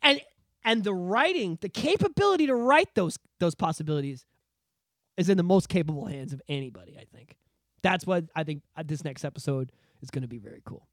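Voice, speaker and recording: Excitable podcast host man, lively voice. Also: high voice, fairly quick, no room sound, clean studio sound. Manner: excitable and emphatic, swears freely. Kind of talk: casual chat.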